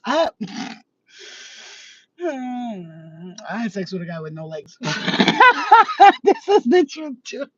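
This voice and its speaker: Giggly high-voiced man, bawdy vlog chat. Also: sing-song, very slow, long pauses, darkish tone, husky, recorded from a distance, dull audio. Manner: giggly, bawdy, flamboyant storytelling. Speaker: vlogger. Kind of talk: casual chat to camera.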